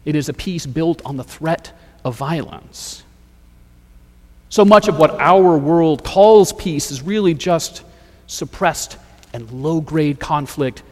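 Slow-preaching man in a reverberant hall. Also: a little high, darkish tone. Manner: rhetorical, measured preaching with repeated phrases. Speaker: pastor. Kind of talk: sermon.

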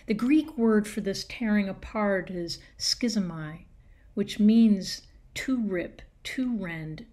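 A woman preaching a sermon at an unhurried, deliberate pace. She leans on key words with emphasis and lets dramatic pauses sit between phrases. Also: mid-range voice, mellow.

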